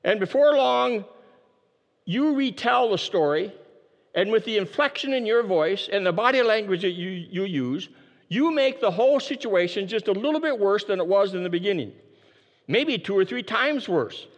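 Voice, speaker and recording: A man preaching a sermon, emphatic and repeating his key phrases, dropping his voice low to stress a point. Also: lively intonation, moderate pace, big-room sound. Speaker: pastor.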